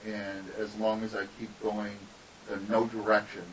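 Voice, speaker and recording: A guest artist on a casual podcast interview, this man tells rambling, profane stories in a completely flat, lowish voice at a moderate pace. The audio comes from a distant, dull lo-fi mic with a faint hiss.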